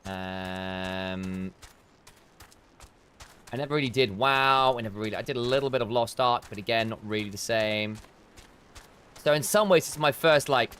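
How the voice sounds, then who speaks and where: A man's voice: mid-range voice, fairly bright tone. A man streaming a game, chatting in a rambling, self-interrupting way as he plays and reads. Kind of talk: let's play commentary.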